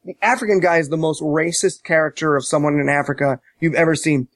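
A man casually recapping a movie on a podcast, animated and profane, mocking as he tells it. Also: fairly high pitch, fast talker, few pauses, no echo. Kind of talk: casual chat.

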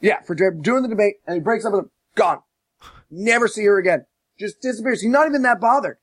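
A man casually recapping a movie on a podcast, animated and profane, mocking as he tells it. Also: high voice, fast talker, breathy edge, no echo. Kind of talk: casual chat.

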